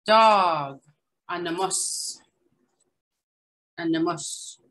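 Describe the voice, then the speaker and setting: A woman leads an online language lesson, saying each word slowly and then saying it again. Her voice is bright and somewhat low, and she comes through a video call. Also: poor audio. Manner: slow, repeats each word carefully, casual asides. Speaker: language teacher.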